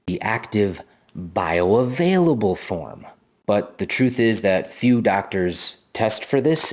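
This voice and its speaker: A man hosting a casual health vlog, talking straight to viewers in an emphatic, conversational way with mild cursing. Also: lowish voice. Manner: emphatic, conversational, mildly profane, talks directly to viewers. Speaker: health video host. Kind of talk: casual vlog monologue to camera.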